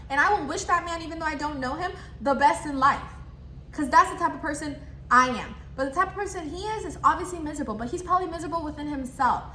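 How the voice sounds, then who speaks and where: A young woman vlogger telling a storytime while eating, animated and chatty, talking between bites. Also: sits high. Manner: animated, talks while chewing, acts out the customer exchange. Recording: echoey room, faint background noise.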